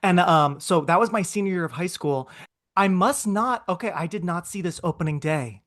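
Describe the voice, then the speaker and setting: A woman in her thirties with a fairly low voice, talking on a podcast. She gushes and rambles, often restarting her sentences in an easy, casual chat. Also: normal speed. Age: 30s. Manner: gushing, chatty, full of restarts. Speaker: podcast co-host.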